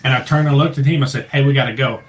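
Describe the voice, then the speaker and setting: A man telling a ghost story in a casual chat, swearing freely and dropping to a low hush for the tense moments. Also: rapid-fire, over music, low-quality recording. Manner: profane, animated storyteller who drops to a low hush for the tense parts. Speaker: paranormal investigator guest.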